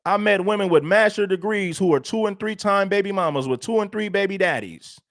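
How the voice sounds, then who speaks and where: A man's voice: high voice, brisk, a bit bright, dry recording, clean studio sound. A male livestream host giving emphatic, preachy, repetitive commentary. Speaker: show host.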